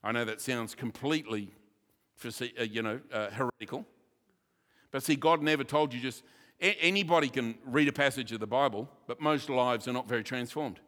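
A man who is a church pastor, preaching a sermon with jokes and lively asides. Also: medium pitch, moderate pace. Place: church hall. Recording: reverberant church hall.

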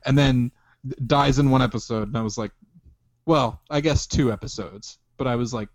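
Young man, casual podcast chat, mid pitch, dry close sound. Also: moderate pace, no echo. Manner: easygoing, explanatory, profane. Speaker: podcast co-host.

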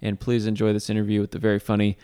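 A man's voice: on the low side, monotone, very fast, dark tone, clear, resonant tone. A man co-hosting a comedy podcast, chatting jokingly and reading playful mock ads. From Georgia, US. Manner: jokey, reads mock ads with laughs. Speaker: podcast co-host. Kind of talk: casual comedy podcast chat.

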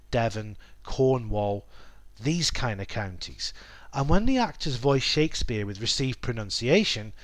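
Measured man explaining in a dry recording. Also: mid-range voice, a bit bright, dry recording. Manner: measured, explanatory, with occasional ums. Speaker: podcast host teaching English. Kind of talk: solo educational podcast monologue. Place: based in the UK.

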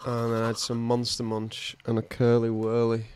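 A man co-hosting a podcast, telling stories in casual chat with wry, deadpan jokes. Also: medium pitch, normal speed, clear, resonant tone. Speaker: podcast co-host.

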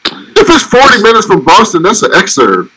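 A curious man keeps asking questions in relaxed podcast talk, laughing along with the others. His voice is very lively in pitch, bright and forceful, and slightly high for a man. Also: moderate pace, husky, poor audio. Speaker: podcast co-host. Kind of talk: casual chat.

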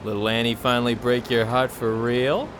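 An actor playing a cheerful, nosy actor friend who teases breezily, in an audio drama. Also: male voice, mid-range voice, flat delivery, moderate pace, fairly bright tone, slight background noise, lightly acted. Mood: teasing.

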